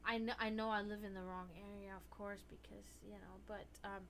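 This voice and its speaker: A woman's voice: flat delivery, brisk, fairly bright tone, a little hiss or hum. A woman hosting a casual livestream, rambling with many restarts and fillers, sounding tired. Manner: high baby talk to her cats. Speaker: livestream host.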